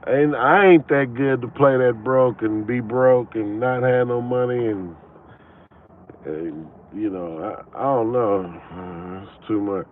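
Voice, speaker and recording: Slow-talking man telling stories from his car. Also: medium pitch, phone-quality sound, slight background noise. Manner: rambling, with many fillers and restarts; acts out quoted people with a lifted voice. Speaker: vlogger. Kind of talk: casual storytelling. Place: in and around a parked car.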